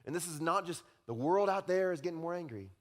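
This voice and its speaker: A man preaching a sermon as pastor, speaking in a conversational, animated way and often checking in with the congregation. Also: fairly high pitch, fast talker. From Utah. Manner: conversational, animated, often tags lines with "right?".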